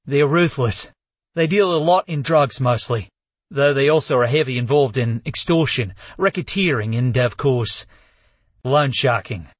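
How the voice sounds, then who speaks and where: A man's voice: medium pitch, measured pace, husky, dry recording. A man reading an audiobook voices a shifty young gambler who talks nervously and defensively, stammering at times. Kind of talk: audiobook character voice.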